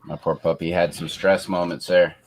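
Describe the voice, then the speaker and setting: Male streamer, everyday voice, profane and laid-back, gentle baby talk with his pet. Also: low-pitched, level tone, moderate pace, noisy background. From Canada. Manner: profane, talks softly to his dog. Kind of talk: casual chat, swearing a lot.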